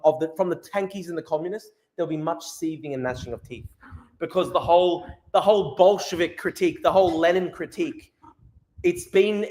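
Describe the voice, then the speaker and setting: A man's voice: sits high, roomy sound. A man ranting on a live stream, gloating, swearing and repeating himself. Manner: gloating, profane, repetitive. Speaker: political streamer. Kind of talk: live-stream political rant.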